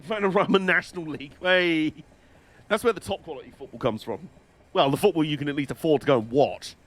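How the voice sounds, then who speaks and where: A man's voice: a little high, lively intonation, fast. Chatty man streaming a game. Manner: chatty, dry, sweary banter. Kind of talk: casual live-stream chat while gaming.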